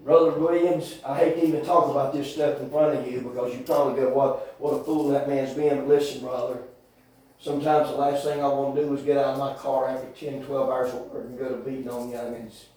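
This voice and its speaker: A man preaching a folksy, rambling sermon with sudden shouted bursts in a church. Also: mid-range voice, level tone, fast. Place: church hall. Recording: very echoey church from far off.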